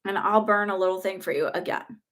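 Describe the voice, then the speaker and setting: A woman's voice: mid-range voice, fairly quick, fairly bright tone. A young woman giving live psychic readings in a chatty, reassuring way, full of filler words. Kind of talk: casual livestream reading.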